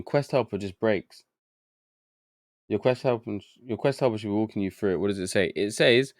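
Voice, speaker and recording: Low, dry-voiced man streaming a game. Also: a little mellow, no room sound. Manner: muttering to himself, easily confused, chatty with chat. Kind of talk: live gameplay commentary.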